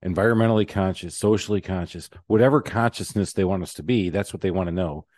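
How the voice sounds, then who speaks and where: A man's voice: deep voice, quick pace, darkish tone, dry recording. A man hosting a podcast, chatting in a rambling, joking way. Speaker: podcast host. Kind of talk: casual interview chat.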